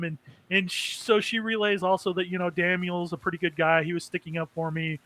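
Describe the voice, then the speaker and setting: Man, casual anime recap host, rambling, chuckling, bright voice, dry close sound. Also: sits high, level tone, fairly quick, hardly any pauses, dry recording, rough recording. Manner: rambling, chuckling, many fillers. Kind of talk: casual chat.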